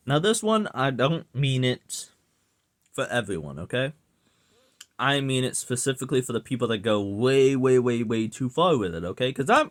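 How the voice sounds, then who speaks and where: A young man giving a casual, profane rant to his audience, exasperated and sarcastic. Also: mid-range voice. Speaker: vlogger ranting.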